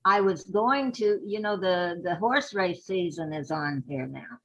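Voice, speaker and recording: A woman, a guest performer, chatting casually and relaxed over a video call. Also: fairly low pitch, measured pace. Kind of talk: casual interview chat. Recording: dull lo-fi audio.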